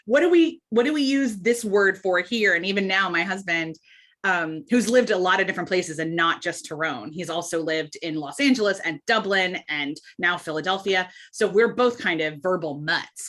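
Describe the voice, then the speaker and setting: A woman, a podcast guest talking in an animated, chatty way in a casual interview. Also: on the low side. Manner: animated, chatty, quick asides and laughs.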